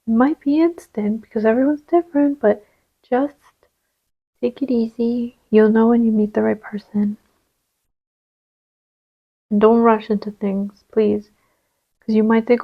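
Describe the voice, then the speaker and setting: A woman giving a channeled card reading, gentle and reassuring, sometimes dropping to a soft whisper as she places cards. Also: fairly high pitch, fairly even intonation, slow pace, long pauses, muffled recording. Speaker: tarot reader.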